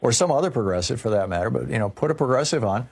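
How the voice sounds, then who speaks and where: A man's voice: medium pitch, lively intonation, very fast, gravelly, a little mellow, husky. A man hosting a call-in radio show, telling long stories with lots of fillers and restarts. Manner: rambling storytelling with many fillers. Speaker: talk radio host.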